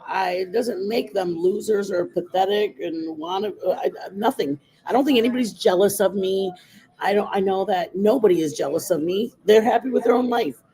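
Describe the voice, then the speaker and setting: A woman's voice: mid-range voice, normal speed, mellow, poor audio. A woman hosting a casual makeup livestream, chatting in a rambling, opinionated way. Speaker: livestream host.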